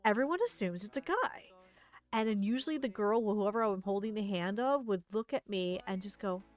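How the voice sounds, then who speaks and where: A woman's voice: mid-range voice, fairly quick. A woman streamer chatting casually, telling stories while she paints and acting out the lines of the people in them. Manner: animated, acts out quoted lines.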